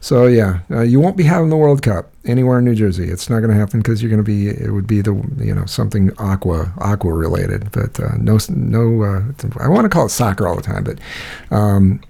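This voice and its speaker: A man's voice: on the low side, lively intonation, brisk, vocal fry, dark tone. A man in casual chat, talking in a laid-back, musing way.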